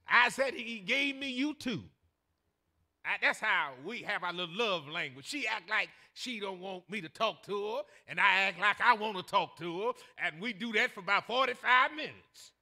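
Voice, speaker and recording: An older male pastor preaches in a folksy, storytelling way and breaks into shouts for emphasis. His voice sits very high for a man and sounds bright, with a lively, swinging pitch. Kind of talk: sermon.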